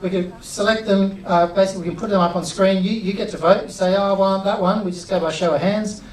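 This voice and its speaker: A middle-aged man giving an energetic live workshop, chatty and drawing the audience in. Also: sits high, quick pace. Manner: upbeat, chatty, involves the crowd. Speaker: workshop presenter. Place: cinema auditorium with audience. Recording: roomy auditorium sound from a distance.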